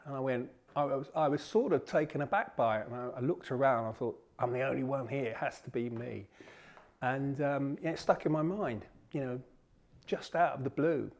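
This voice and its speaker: A man's voice: medium pitch, a little mellow. A man in his sixties from Surrey, England, telling stories from his childhood in an interview, in a reflective way. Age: 60s. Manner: reflective, storytelling.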